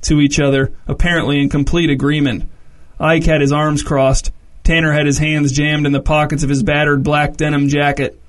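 Man narrating a story, slightly high voice. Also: little pitch movement, moderate pace. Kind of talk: scripted narration.

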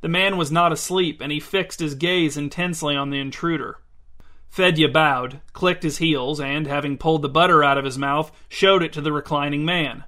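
A man reading literary short stories aloud in a measured, deliberate way. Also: on the high side, fairly even intonation, bright, forceful tone. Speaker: reader.

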